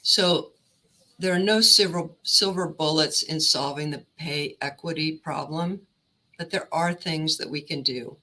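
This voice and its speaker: A woman career counselor giving a steady, instructive presentation on negotiating. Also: low-pitched, measured pace, low-quality recording.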